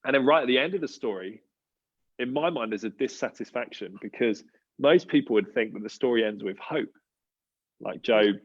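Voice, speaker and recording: A man's voice: mid-range voice, gravelly, husky, dull audio. A man with an Australian accent hosting a church panel, talking through a passage in a conversational, thoughtful way with many fillers and restarts. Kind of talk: casual talk on a live panel.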